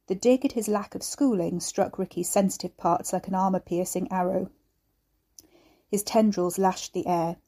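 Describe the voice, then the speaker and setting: A woman, the author, reading her own dark novel aloud in a measured storytelling style. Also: medium pitch, steady tone. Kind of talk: audiobook narration.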